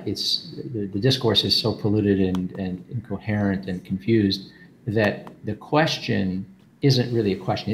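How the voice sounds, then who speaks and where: A man's voice: lowish voice, a little hiss or hum. A man explaining philosophy in a casual group talk, thinking aloud with restarts and repeated words over an online call.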